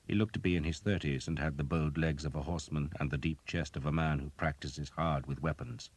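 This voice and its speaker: A man narrating an audiobook in a measured, even storytelling manner. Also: a bass voice, slightly rough. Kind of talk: scripted narration.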